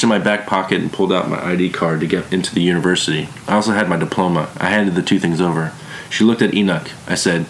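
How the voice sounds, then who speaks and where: A man narrating a first-person story in a calm, plain way. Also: low voice, fast talker, a little hiss or hum.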